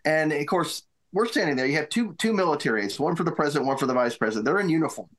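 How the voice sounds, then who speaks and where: Halting middle-aged man telling a story. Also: a little high, expressive, fairly bright tone. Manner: halting, many restarts and repeated words. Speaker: guest, former White House military aide. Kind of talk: casual interview storytelling.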